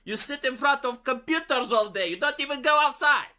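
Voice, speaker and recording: A man's voice: extremely high pitch, brisk, sharp tone. A man giving casual, profane opinion commentary in a clip, rambling with fillers. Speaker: commentator in a played video.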